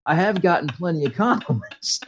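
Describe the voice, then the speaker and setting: A man's voice: fairly high pitch, lively intonation, fairly quick, crowd noise. A man telling a casual story about being a single dad, stumbling and restarting as he goes.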